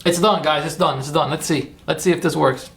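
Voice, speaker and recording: A man's voice: fairly high pitch, fairly even intonation, brisk, vocal fry. A man hosting a casual livestream, chatty and rambling as he talks viewers through his steps and cheers them on. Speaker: livestream host.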